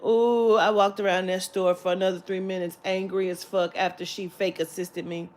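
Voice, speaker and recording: A woman's voice: medium pitch, normal speed. A woman vlogger telling a story in a casual, profane rant, now and then mimicking the people she met. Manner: profane, animated, mimics clerks' voices.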